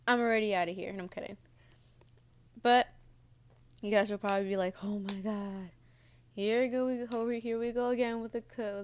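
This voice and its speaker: A woman's voice: medium pitch, clean tone. A young woman vlogger rambling casually to her viewers while eating cereal between words. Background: audible munching on cereal.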